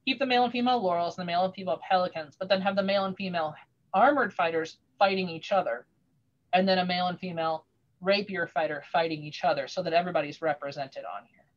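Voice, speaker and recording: A woman's voice: on the low side, fast. Rambling woman on a lo-fi video call. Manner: animated, rambling, many restarts and fillers. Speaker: craftsperson sharing her work on a video call. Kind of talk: casual storytelling chat.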